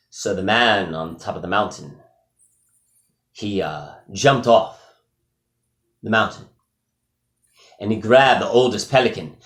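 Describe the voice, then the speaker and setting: Casting: goofy male storyteller, casual and giggly, lively pitch, echoey room. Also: unhurried, long pauses. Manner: goofy, laughing, sidetracked.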